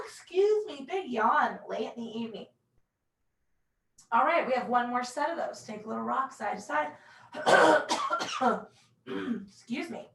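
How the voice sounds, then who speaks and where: A woman's voice: on the high side, measured pace, long pauses. Woman pilates teacher, casual and self-mocking, recorded far from the mic in a roomy space. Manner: casual, self-deprecating, calm cueing. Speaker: pilates instructor. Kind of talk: guided workout instruction. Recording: echoey room, mic far off.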